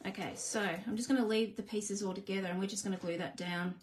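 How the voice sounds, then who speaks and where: During a casual live demo, a crafting host makes cards and chats with viewers, laughing at herself. Her mid-range voice is fast with fairly even intonation, and there's a little hiss or hum in the audio.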